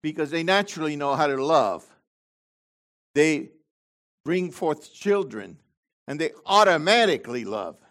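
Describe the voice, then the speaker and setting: A man preaching a sermon as pastor, swinging between loud high emphasis and low quiet asides. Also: animated, measured pace, pauses often.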